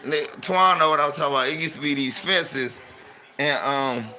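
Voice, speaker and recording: Bright-voiced D.C. man telling a story. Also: a little high, normal speed. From Washington, D.C. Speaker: podcast guest. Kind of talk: animated storytelling.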